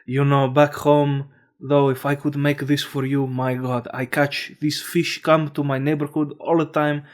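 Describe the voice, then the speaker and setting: A man's voice: fairly high pitch, little pitch movement, measured pace, lightly acted. A man voicing a boastful, jovial immigrant restaurant owner who speaks effusive broken English.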